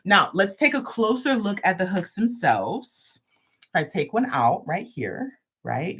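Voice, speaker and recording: A woman's voice: medium pitch, very animated, unhurried, fairly bright tone, slightly rough. A woman hosting a live crochet stream, showing off a product with playful, sassy asides. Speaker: host of a crochet livestream. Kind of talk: live product demo chat.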